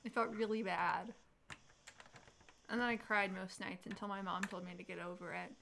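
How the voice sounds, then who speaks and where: A woman co-hosting a livestream, chatting casually, teasing and blunt, quick to laugh. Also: mid-range voice, steady tone, gravelly, bright, forceful tone. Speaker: livestream co-host. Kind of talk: casual chat. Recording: noisy background.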